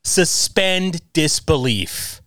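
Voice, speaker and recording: A man's voice: on the high side, lively intonation, drawn-out words, pushed and bright, no echo. A man co-hosting a casual chat show, talking emphatically and ranting straight at his listeners.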